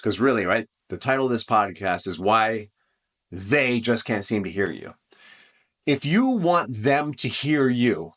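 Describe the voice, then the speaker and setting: A man hosts a relationship advice podcast, talking earnestly and conversationally with frequent restarts and asides. His voice is mid-range and a bit bright.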